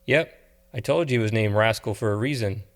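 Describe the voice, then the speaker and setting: A man's voice: fairly low pitch, fairly quick, close to an everyday voice. A man doing a blunt, scoffing cafe waitress. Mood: dismissive. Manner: scoffing, dismissive.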